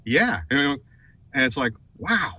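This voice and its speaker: A middle-aged man telling a story in a TV interview, animated and full of fillers and repeated words. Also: mid-range voice, brisk, dry recording, rough recording. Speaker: guest, advertising executive.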